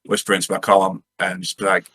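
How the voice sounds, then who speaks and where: A man playing a tabletop game, excitable and giggly, rambling as he describes his character's actions. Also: low voice, fast. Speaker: player. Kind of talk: casual tabletop play.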